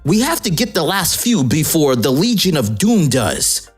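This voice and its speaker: A woman's voice: sits low, sing-song, a little slow, slightly rough, faint music behind, exaggerated voice. Woman doing an urgent heroine magician. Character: urgent female stage magician hero.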